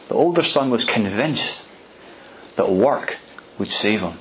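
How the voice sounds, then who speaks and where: Male preacher, storytelling sermon, conversational, restarts and repeated words, mid-pitched voice, faint ambience behind. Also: lively intonation, a little slow, long pauses, a bit bright, a little hiss or hum, low-quality recording.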